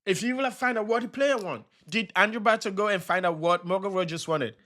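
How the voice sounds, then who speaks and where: Agitated high-voiced young man ranting. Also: brisk, bright, forceful tone. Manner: agitated, repeating himself, rhetorical questions. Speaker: football channel host. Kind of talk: upset fan reaction vlog.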